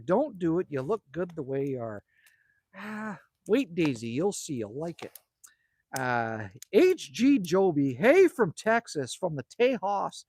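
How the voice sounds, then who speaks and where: A man's voice: sits high, slightly rough, dry recording. A middle-aged man from Canada, chatting casually and rambling through viewer comments as a livestream host outdoors at a cabin. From Manitoba, Canada. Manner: chatty, rambling, jokey, calls people man and buddy. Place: outdoors at a cabin by a fire at night.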